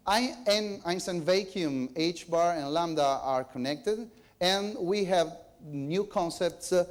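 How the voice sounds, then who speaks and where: A man giving an academic conference lecture, speaking haltingly and hesitantly. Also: a little high, darkish tone. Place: lecture hall.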